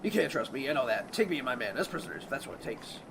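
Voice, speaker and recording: A man voicing a proud captured warrior who speaks earnestly and gravely, with game music behind. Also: medium pitch, big pitch swings, rapid-fire, noisy background.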